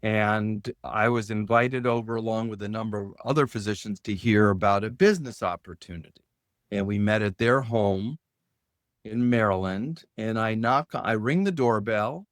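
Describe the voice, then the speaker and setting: A middle-aged man telling a personal story as a podcast guest, lively, raising his voice high when he quotes people. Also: dry recording, studio quality. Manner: animated storyteller, lifts his pitch sharply when quoting others. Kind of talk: storytelling in conversation.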